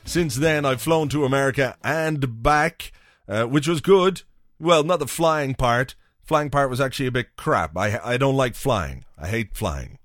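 A man's voice: medium pitch, animated, a little slow, fairly bright tone, dry recording, clean studio sound. A man hosting a podcast, telling a rambling, profane, wry story in a casual solo monologue. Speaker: podcast host.

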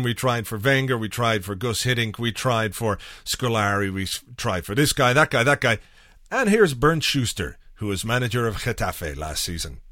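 A man's voice: medium pitch, a bit bright, dry recording, studio quality. A man hosting a football podcast, rambling and sarcastic with lots of fillers. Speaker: podcast host. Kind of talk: casual football chat.

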